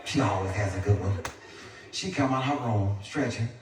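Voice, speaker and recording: A man doing stand-up storytelling, animated and squealing in high voices when he acts out his family. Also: moderate pace, very echoey, heavy background noise. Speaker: stand-up comedian. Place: live comedy stage. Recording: far-off mic with loud crowd laughter. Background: audience laughter.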